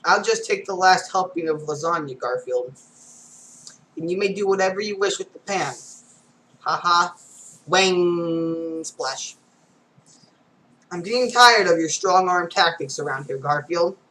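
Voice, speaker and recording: Comic strip reader, unhurried, bright tone, reads sound effects aloud, casual asides. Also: mid-range voice, slight background noise, poor audio.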